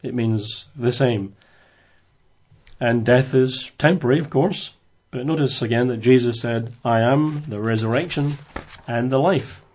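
A man giving an informal Bible study, reading verses aloud and then commenting on them in a relaxed, conversational way. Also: mid-range voice, measured pace, lo-fi sound. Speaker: Bible teacher.

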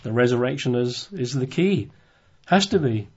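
A man's voice: mid-range voice, expressive, moderate pace, slightly rough, muffled recording. Man reading and explaining scripture. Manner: reads scripture aloud, then comments conversationally with asides. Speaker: Bible teacher. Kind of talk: informal Bible study talk.

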